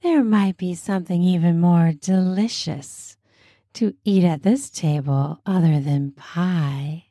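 A woman voicing a playful young waitress with a breathy, coy delivery. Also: on the low side, slow, warm tone, no room sound, clean studio sound. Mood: teasing.

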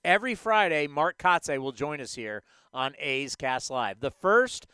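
A man's voice: a little high, lively intonation, unhurried, sharp tone, smooth, no echo. A man hosting a sports talk show, ranting emphatically with rhetorical questions.

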